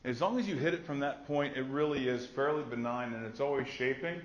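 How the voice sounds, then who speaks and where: A middle-aged man teaches a class of health workers in a conversational, storytelling way, often acting out what people said. His voice sits at an average pitch. The recording is slightly muffled and dull. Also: fairly quick, slight background noise. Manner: conversational, storytelling with acted quotes. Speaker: nursing instructor. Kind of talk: classroom lecture.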